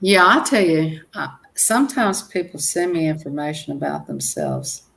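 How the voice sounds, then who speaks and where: A woman with a Southern US accent hosting a casual live stream, chatty and quick to laugh as she reads out viewers' comments. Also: sits low, huge pitch swings, gravelly, fairly bright tone, low-quality recording.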